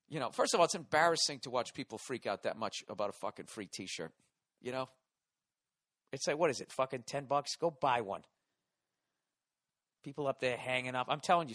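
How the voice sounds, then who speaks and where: A hoarse man hosting a podcast, delivering a profane, exasperated comedic rant. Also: on the high side, bright, forceful tone, dry recording, clean studio sound. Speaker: podcast host.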